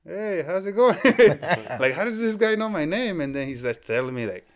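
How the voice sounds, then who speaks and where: A man's voice: on the high side, normal speed. A man in his thirties, a team superfan, telling a story casually in a podcast studio, acting out what people said and calling the host "bro.". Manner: animated, acts out quoted dialogue, says "bro" often.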